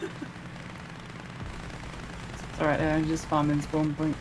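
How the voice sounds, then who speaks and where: A man's voice: on the high side, monotone, slow pace. Opinionated man talking over game noise. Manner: opinionated, argues his points. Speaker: podcast co-host. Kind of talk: casual gaming chat.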